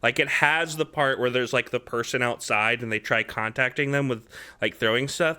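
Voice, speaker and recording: A man's voice: mid-range voice, moderate pace, pushed and bright, clear, resonant tone. A man co-hosting a casual movie podcast, rambling and laughing often as he picks apart a film. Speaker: podcast co-host.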